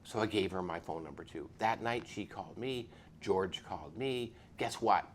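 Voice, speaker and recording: A man's voice: sits low, moderate pace, a little hiss or hum. A man, a police officer, telling his faith story in a dramatic way and acting out the people in it. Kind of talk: animated storytelling testimony.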